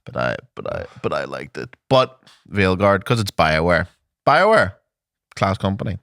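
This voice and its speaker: A man's voice: deep voice, big pitch swings, normal speed, vocal fry, a bit bright, no echo, clean studio sound. A man with a Liverpool accent, co-hosting a comedy gaming podcast in casual, sweary banter. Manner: sweary, laid-back. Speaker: podcast co-host.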